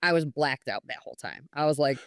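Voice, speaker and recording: A woman from New York speaks as a podcast guest, sharing her story in a candid, earnest way. Her voice sits a little low, and she keeps slipping into quoted dialogue with "I was like." The sound is dry and close. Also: animated, fast, no echo. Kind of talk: personal testimony in conversation.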